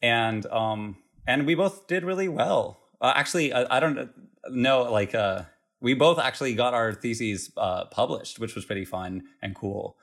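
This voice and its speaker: A young man from the United States, a guest recounting his years abroad in a relaxed, rambling way with fillers. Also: mid-range voice, unhurried, gravelly. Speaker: interview guest. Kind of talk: casual conversational interview.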